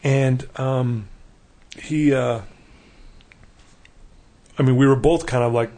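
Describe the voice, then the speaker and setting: A man's voice: mid-range voice, steady tone, slow pace, mellow. A middle-aged man telling his life story in a casual conversation, earnestly acting out the dialogue he quotes. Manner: earnest, acts out quoted dialogue with laughing asides.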